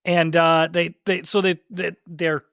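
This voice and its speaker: A man's voice: a little high, level tone, measured pace, a bit bright, clean tone, no echo, clean studio sound. A man co-hosting a podcast, chatting casually about a film, laughing often and restarting his sentences. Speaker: podcast co-host.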